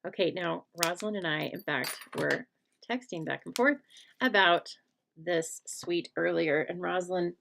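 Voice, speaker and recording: A woman's voice: on the low side, measured pace, creaky, a bit bright, a little hiss or hum. A middle-aged woman hosting a live papercraft stream, chatting casually, teasing herself and greeting viewers by name. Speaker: host of a live stamping and papercraft show.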